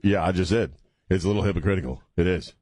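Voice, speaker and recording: A man's voice: low-pitched, quick pace, a little mellow, husky, dry recording, clean studio sound. A male radio host chatting casually on air, with a wry, blunt and joking manner. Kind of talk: casual talk radio banter.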